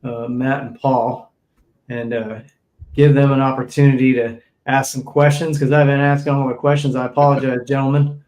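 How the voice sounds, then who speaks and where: A man's voice: mid-range voice, level tone, normal speed, darkish tone, rough recording. A man hosting a podcast interview, polite and explaining things plainly. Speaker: podcast host. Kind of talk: casual interview.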